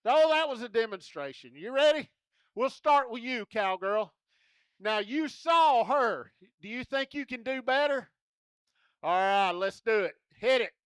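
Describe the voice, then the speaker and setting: A man entertaining a rodeo crowd with a strikingly high voice. He talks slowly and clearly, folksy and joking as he coaxes children along. The sound is close and dry. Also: lively intonation, fairly bright tone, no room sound. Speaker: rodeo entertainer running a kids' contest. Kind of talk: lively arena crowd-work. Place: rodeo arena.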